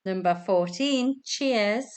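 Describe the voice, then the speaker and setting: A woman's voice: medium pitch, slow. A woman hosting a casual online quiz over a video call from home, chatty, giggly and self-deprecating. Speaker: quiz host.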